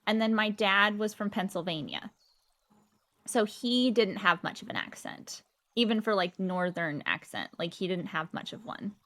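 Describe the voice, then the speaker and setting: Chatting casually with her viewers and laughing a lot, this streamer from Georgia in the US South speaks at normal speed in a medium-pitched, slightly bright voice. Her accent is generic American with a faint Midwest touch, and English is not her first language.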